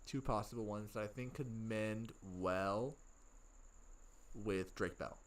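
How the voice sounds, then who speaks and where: A man's voice: lowish voice, slow. Foul-mouthed man, off-mic. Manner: laid-back, swears constantly. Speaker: co-host. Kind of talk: casual pop-culture chat. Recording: voice from a distance off the mic.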